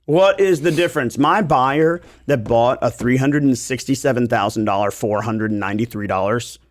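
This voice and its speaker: A man's voice: medium pitch, moderate pace. A man who hosts a podcast as a realtor, talking in a loose, rambling, joking way in a studio. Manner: animated, rambling, jokey. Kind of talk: casual podcast chat.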